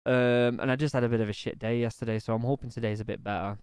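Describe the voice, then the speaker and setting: A man's voice: medium pitch, steady tone, quick pace, a little mellow, clean tone, no echo. Chatty man streaming. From United Kingdom. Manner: chatty, reads viewer comments aloud, swears casually. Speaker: streamer reacting live. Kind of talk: casual live-stream chat.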